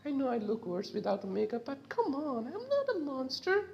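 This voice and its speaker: A woman's voice: high-pitched, big pitch swings, normal speed, creaky, dull audio, heavily acted. A woman reading a story game aloud, voicing a flippant, exasperated young woman who has just woken up confused. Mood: bewildered. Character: young adult woman waking confused and sarcastic.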